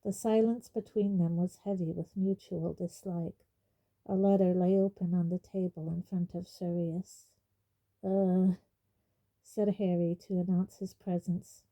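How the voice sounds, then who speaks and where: A woman narrating a fantasy storybook aloud in a measured, even reading. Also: fairly low pitch, rough recording. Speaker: audiobook reader.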